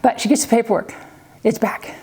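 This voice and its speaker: Woman, middle-aged, casual vlog storytelling, animated, fairly high, mellow tone. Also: brisk, breathy edge. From Kansas. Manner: chatty, animated, acts out quotes with laughs. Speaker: vlogger, mother.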